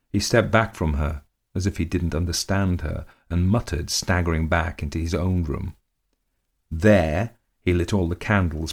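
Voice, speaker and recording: A man narrating a period ghost story in a measured, dramatic way. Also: low-pitched.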